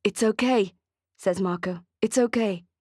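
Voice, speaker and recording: A woman reading the part of a calm, soft-spoken, spiritually detached man in a measured way. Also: medium pitch, dry recording, clean studio sound, lightly acted. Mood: serene.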